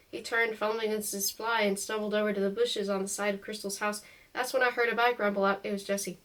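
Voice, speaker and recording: A woman reading a first-person novel aloud in an expressive, emotional way. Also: mid-range voice, brisk, low-quality recording. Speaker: audiobook reader.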